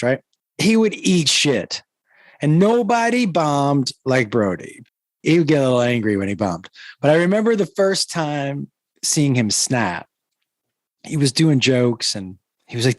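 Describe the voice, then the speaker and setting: A man's voice: a little high, normal speed, dry recording. Anecdote-telling man, dry close mic. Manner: lively anecdote-teller, acts out dialogue. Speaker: interviewee, comedian friend. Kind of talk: anecdotal storytelling.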